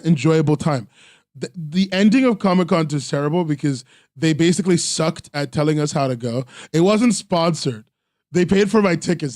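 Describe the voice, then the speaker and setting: Rambling man with a higher voice. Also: a little mellow, no room sound, clean studio sound. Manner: rambling, self-deprecating, frequent ums and laughs. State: tired, sore from three days at a convention. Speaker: webcomics podcast host. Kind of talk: casual solo chat.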